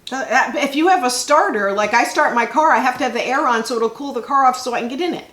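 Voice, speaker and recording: A woman's voice: high voice, fast, fairly bright tone. A middle-aged woman co-hosting a casual chat show, steering the talk and chiming in readily. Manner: chatty, steers the conversation. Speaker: podcast co-host. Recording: echoey room.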